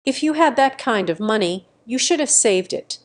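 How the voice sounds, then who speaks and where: A woman's voice: fairly high pitch, lively intonation, normal speed, lightly acted. A woman voicing an anxious middle-aged mother with a trembling voice in a storybook narration. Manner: trembling, pleading.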